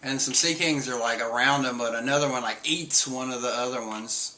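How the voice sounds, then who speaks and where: Bright-voiced man casually recapping. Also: medium pitch, fairly quick, slight background noise. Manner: rambling, filler-heavy, often reads and acts out character lines. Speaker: streamer recapping a manga chapter.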